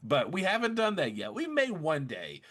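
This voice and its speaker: A man hosting a podcast, reading fan letters aloud in a lively, halting way with restarts. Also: on the high side. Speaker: podcast host.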